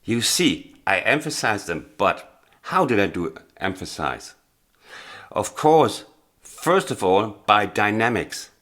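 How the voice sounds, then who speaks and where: Low-voiced man teaching blues piano. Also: big pitch swings, slow pace. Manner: earnest, emphatic, encouraging, with hesitations. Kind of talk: explanatory piano lesson. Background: faint piano playing.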